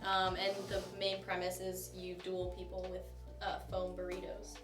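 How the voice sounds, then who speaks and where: A woman's voice: lowish voice, completely flat delivery, moderate pace. A woman chatting enthusiastically during improv comedy banter. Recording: echoey room, mic at a distance, faint music.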